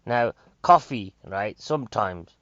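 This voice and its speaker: A male comedian with a Northern English accent, talking in a chatty, excitable ramble that keeps drifting to new subjects. His voice sits at an ordinary pitch. The recording is dry and a little dull. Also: slow, dry recording. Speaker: stand-up comedian. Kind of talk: rambling stand-up monologue. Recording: dry, slightly dull sound.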